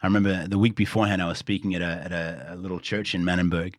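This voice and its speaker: Aussie pastor guy, middle-aged, really deep voice, tells stories and acts out the quotes, dry close sound. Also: rapid-fire, no echo. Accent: Australian. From Australia. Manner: animated storyteller who acts out quoted lines. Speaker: pastor, guest. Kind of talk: storytelling in a podcast interview.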